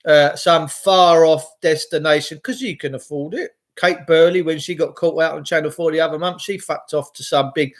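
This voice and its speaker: A man's voice: a little high, normal speed, hardly any pauses. A middle-aged man from England, giving a rambling, profane, chatty monologue to his viewers. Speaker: video host.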